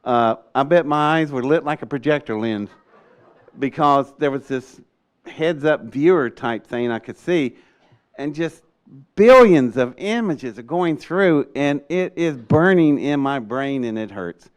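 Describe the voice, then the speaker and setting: An older man, telling a story in an animated way and acting out the voices in his quotes. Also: mid-range voice, unhurried. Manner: acts out voices in quotes, excitable, laughs often. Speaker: storyteller recounting an experience.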